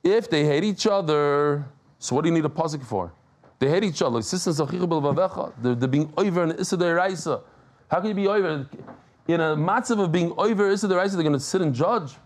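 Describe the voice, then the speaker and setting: A man leads a live Talmud class, talking in a casual, lively way and bantering with the people around him. His voice sits a little high for a man. He often stops and restarts his sentences as he works through a point. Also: a little fast. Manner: animated, joking with the room, frequent restarts.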